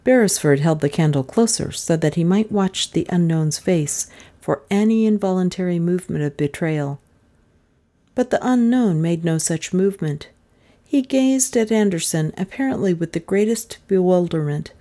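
Woman narrator, low voice, mellow and even. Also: moderate pace. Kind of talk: audiobook narration.

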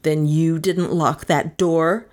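A woman voicing an angry young man who speaks forcefully and menacingly, in a slightly lower, slower voice.

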